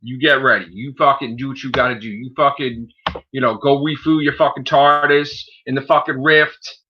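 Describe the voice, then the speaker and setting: A man's voice: mid-range voice, steady tone, moderate pace, slight background noise. A man hosting his own live stream, ranting heatedly with constant swearing and repeating "okay?" after his points. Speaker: channel host. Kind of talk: angry live-stream rant. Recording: dull lo-fi stream audio.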